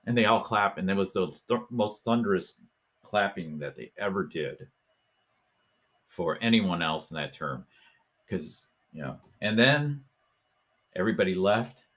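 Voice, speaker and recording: Man, low voice, talk host, animated storyteller, acts out voices. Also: a little slow, pauses often. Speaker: podcast host.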